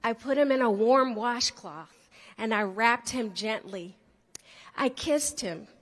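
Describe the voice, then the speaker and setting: A woman's voice: on the high side, slow pace, in a large hall. A woman telling a playful personal story to a student audience, often speaking to the crowd directly. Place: large hall.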